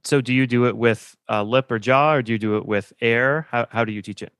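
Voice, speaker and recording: A man co-hosting a casual interview, relaxed and affirming, telling anecdotes with plenty of fillers. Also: mid-range voice, brisk, clear, resonant tone, no echo, studio quality. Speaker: podcast co-host, band director.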